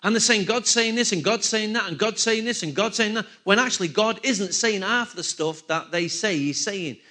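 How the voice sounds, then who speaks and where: A man's voice: sits high, normal speed, pushed and bright. A man preaching a sermon to a congregation, repeating key phrases and asking them questions. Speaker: pastor.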